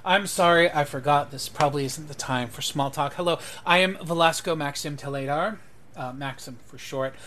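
A man's voice: fairly high pitch, normal speed, fairly bright tone, natural voice. A man voicing an affable demi-elf mercenary. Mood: friendly. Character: friendly male demi-elf mercenary envoy.

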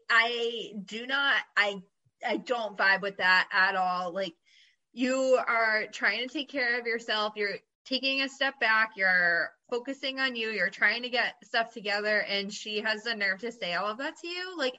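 A woman's voice: on the high side, lively intonation, unhurried, pushed and bright, muffled recording. A woman host reacting to a guest's story in casual chat, with outspoken, emphatic remarks.

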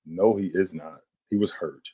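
Low male panelist, dry mic, insistent and repetitive in casual chat. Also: fairly even intonation, normal speed, mellow, slightly rough, no room sound. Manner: emphatic, repeats himself, many mm-hmms.

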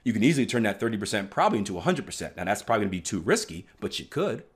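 A man's voice: lowish voice, sing-song, racing, slightly rough. Male trading coach, emphatic motivational delivery with frequent "right?" check-ins. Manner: emphatic, repeats "right?" often, bursts of loud stress. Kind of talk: motivational teaching talk.

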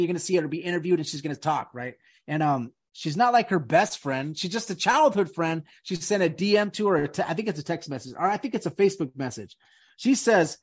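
A man hosting a casual podcast chat, emphatic, often repeating himself and restarting sentences. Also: a little high. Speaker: podcast host.

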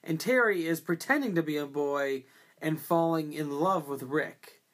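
Picture a person chatting casually about a film on a podcast, circling their point through fillers, false starts and loose swearing. The voice sits at a middling pitch and moves along easily, with no particular edge to it. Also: unhurried, fairly bright tone. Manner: rambling, many fillers and restarts. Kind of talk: casual movie discussion.

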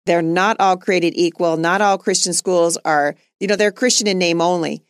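A woman's voice: on the low side, fairly even intonation, normal speed, smooth, no echo. Earnest woman podcast host, dry sound. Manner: earnest, conversational, laughs easily. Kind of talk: casual podcast conversation.

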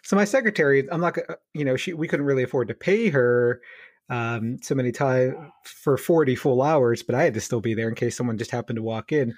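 A man co-hosting a physio podcast tells a funny story from his clinic in a lively, chatty way, laughing and throwing in fillers as he goes. His voice sits at an average pitch. The sound is dry and close, with no room around it. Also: fairly quick, dry recording. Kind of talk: casual storytelling chat.

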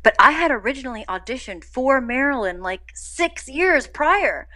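A young adult woman, an actor being interviewed, telling stories in a lively, casual way and acting out quoted lines. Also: normal speed. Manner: animated storytelling, acts out quotes with big pitch jumps. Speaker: actor guest.

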